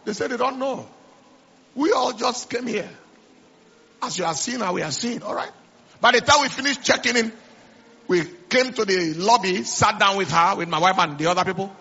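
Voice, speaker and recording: A middle-aged male pastor preaches in a high, bright, tense voice. His tone is raspy with some fry, and he repeats phrases and restarts words. The recording is slightly dull and lo-fi. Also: moderate pace. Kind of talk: sermon.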